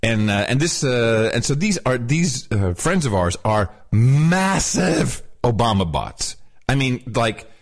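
A man's voice: medium pitch, slow. A man hosting a podcast, telling stories and mocking the news in a casual political chat. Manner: mocking, animated storyteller. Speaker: podcast host.

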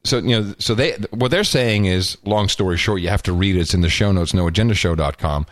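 A man's voice: low voice, brisk, no echo. A man co-hosting a casual political podcast, wisecracking and rambling with plenty of fillers. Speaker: podcast co-host.

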